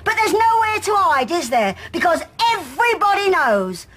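Feisty older landlady grandmother, high and swooping, soap drama brawl. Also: big pitch swings, moderate pace, exaggerated voice. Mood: angry. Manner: fiery, indignant, shouting insults. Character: brassy older pub landlady grandmother, combative. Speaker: pub landlady. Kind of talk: British soap drama acting.

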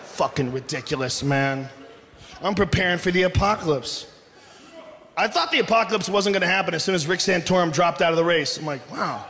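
A man's voice: sits high, brisk. A man doing a profane, ranting live stand-up set on a theater stage with a handheld mic. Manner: loud, ranting, profane delivery. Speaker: stand-up comedian. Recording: echoey live theater with crowd noise.

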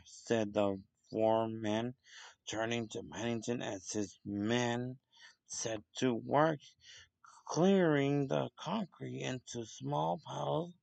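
Slow, gravelly man reading a children's story. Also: mid-range voice, a little mellow, no room sound. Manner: slow and deliberate, occasional slips. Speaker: storybook reader.

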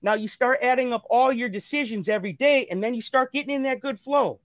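Earnest high-voiced man preaching self-love. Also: a little fast, dry recording, clean studio sound. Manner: earnest, preachy, repeats phrases. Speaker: guest. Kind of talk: motivational casual chat. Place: live stream call.

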